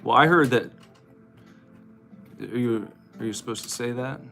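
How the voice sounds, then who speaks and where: A man's voice: mid-range voice, normal speed, music in the background. A man hosting a livestream, chatting casually and joking playfully. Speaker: streamer host.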